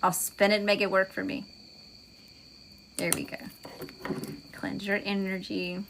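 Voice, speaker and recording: A woman with a Southern US accent, a tarot reader hosting a livestream, moving between chatty, folksy talk with viewers and a calm guided meditation. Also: medium pitch, moderate pace, gravelly, noisy background. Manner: folksy, chatty, says y'all often.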